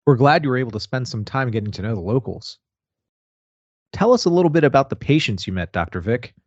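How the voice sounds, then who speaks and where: A man hosting a podcast asks a guest a polite, measured interview question. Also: medium pitch, expressive, no echo. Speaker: podcast host. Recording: dry, dull lo-fi audio.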